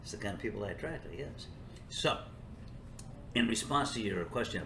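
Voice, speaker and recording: A man's voice: on the low side, animated, moderate pace, long pauses, fairly bright tone, reverberant, slight background noise. An older man hosting his own show, talking in a sarcastic, rambling monologue that sometimes turns into talking to himself. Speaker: show host. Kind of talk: opinion monologue.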